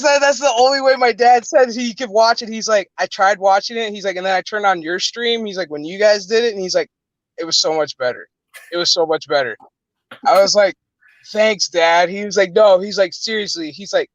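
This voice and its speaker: A man's voice: high voice, normal speed, a bit bright, dry recording, muffled recording. A man chatting casually as a co-host, telling crude stories with lots of swearing and laughter. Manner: profane, laughing storyteller. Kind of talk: casual chat.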